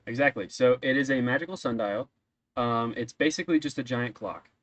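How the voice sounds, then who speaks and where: A man's voice: mid-range voice, fairly quick, no echo, poor audio. A man narrating a tabletop game as game master, talking casually with frequent ums and restarts. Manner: casual, rambling, many ums.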